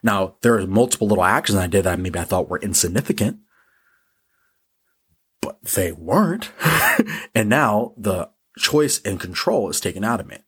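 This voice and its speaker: A man with a low, husky voice talks straight through a casual motivational monologue as a podcast host. He swears often and pokes fun at himself while staying blunt. His tone is rough rather than polished. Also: lively intonation, normal speed, long pauses, a bit bright. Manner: profane, blunt, self-deprecating.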